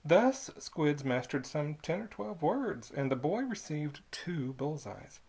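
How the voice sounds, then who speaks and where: An audiobook reader narrating a period story in a measured, expressive way. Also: medium pitch, creaky, slightly rough.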